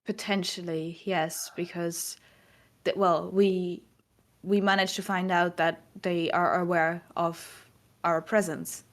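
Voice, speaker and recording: A woman's voice: lowish voice, little pitch movement, takes it slowly. A woman playing in a tabletop game, talking in a hesitant way and thinking aloud. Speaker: player. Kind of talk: casual role-play chat.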